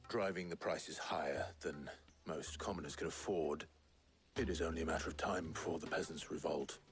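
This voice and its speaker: An actor playing a reserved young warrior, speaking in a restrained, formal way in a video game. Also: male voice, sits low, close to an everyday voice.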